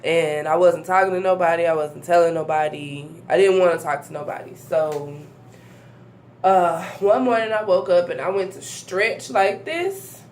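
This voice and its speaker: A woman's voice: lowish voice, a little mellow, slight background noise. Blunt, profane young woman vlogger. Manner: blunt, profane and preachy, with quick asides to viewers. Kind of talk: casual talking-to-camera vlog.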